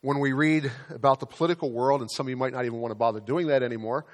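Conversational pastor preaching a sermon. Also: male voice, mid-range voice. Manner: conversational, slows down to stress key phrases, repeats words.

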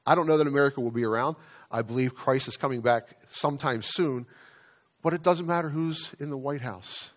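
Preaching in a conversational style, a pastor repeats words often and slows to emphasize key phrases. He has a mid-range voice.

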